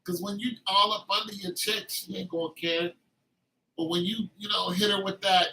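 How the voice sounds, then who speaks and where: A man delivering a casual, emphatic monologue of relationship advice, repeating his points and flaring up into shouting. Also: high voice, steady tone, moderate pace, creaky, low-quality recording.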